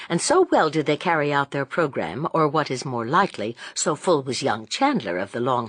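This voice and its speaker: Breathy woman narrating an audiobook. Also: low-pitched, no echo. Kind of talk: scripted narration.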